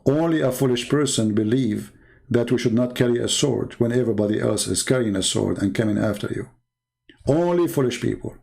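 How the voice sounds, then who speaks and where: A man's voice: mid-range voice, fairly quick, gravelly, darkish tone. A man from the Middle East speaking English, in an emphatic, repetitive casual monologue with broken grammar. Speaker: Christian apologist.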